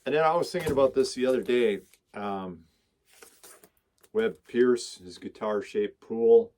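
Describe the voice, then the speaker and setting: A man's voice: mid-range voice, measured pace, darkish tone. Chatty man rambling through his records. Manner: enthusiastic, rambling, lists song titles. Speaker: record collector vlogger. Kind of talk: casual chat showing records.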